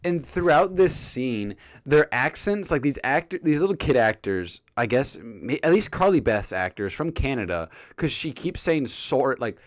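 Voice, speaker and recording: A man talks through a TV episode in a casual review vlog, jokey and animated, often slipping into the characters' lines. His pitch swings widely from line to line. The sound is close and dry, with no room echo. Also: moderate pace, few pauses.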